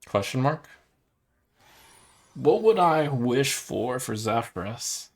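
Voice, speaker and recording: A man's voice: mid-range voice, big pitch swings, takes it slowly. A man streaming a card game, thinking aloud as he weighs each play and second-guesses himself. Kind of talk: casual gameplay commentary.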